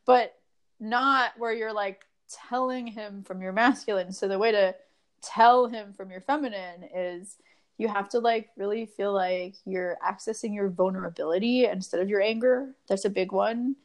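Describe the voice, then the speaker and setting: A woman's voice: mid-range voice, normal speed. A woman guest on an interview, explaining relationship advice in an earnest, casual way with many fillers.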